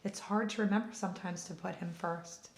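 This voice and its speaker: A woman's voice: lowish voice, steady tone, fairly quick, a little hiss or hum. A woman co-hosting a podcast, speaking in an earnest, affirming way in casual chat. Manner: earnest, affirming, faith-minded. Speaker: podcast co-host. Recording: echoey room.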